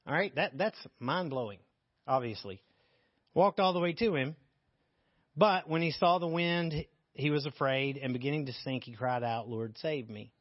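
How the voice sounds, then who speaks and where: A man's voice: medium pitch, moderate pace, no room sound, dull audio. A man teaching a Bible passage in a casual, candid way, joking as he reads and explains scripture. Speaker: preacher.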